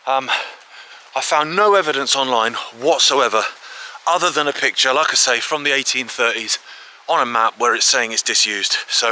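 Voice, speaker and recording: A man hosting a walking exploration video outdoors, chatting excitedly to a handheld camera with frequent filler asides. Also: medium pitch, normal speed, slight background noise. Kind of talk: casual walk-and-talk to camera. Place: outdoors in fields, woods and an old quarry.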